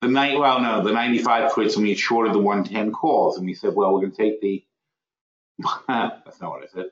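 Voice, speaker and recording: A lower-pitched man hosts an online trading webinar and rambles through it, muttering at his screen and correcting himself mid-sentence. The sound is roomy and a bit dull, like lo-fi webinar audio. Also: a little fast. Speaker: webinar host. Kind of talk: live trading webinar, thinking aloud.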